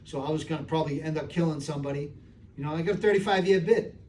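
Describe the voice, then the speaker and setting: A middle-aged American man answering audience questions in a live Q&A, earnest and streetwise, telling stories with quick acted voices. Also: on the high side, a little mellow. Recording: distant room recording with faint noise.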